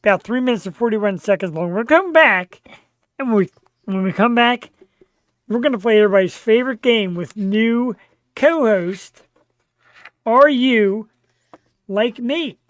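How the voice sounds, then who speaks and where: A man's voice: high voice, a little slow, long pauses, no echo. A man hosts a live show from his home studio, talking casually with a brash, profane edge that hypes up his listeners. The sound is dry and close, with no room around it. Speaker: show host.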